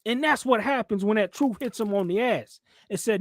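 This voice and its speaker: A man hosts a podcast, and his talking voice sits high. He preaches and lectures with heavy emphasis, and he mocks people in squeaky put-on voices. The sound is close and dry. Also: normal speed, hardly any pauses, dry recording. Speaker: channel host. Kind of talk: heated commentary chat.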